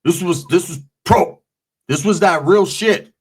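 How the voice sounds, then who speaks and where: A man's voice: sits high, measured pace, breathy edge. A man casually telling a long, profane story, acting out the voices of the people in it. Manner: profane, rambling, acts out voices.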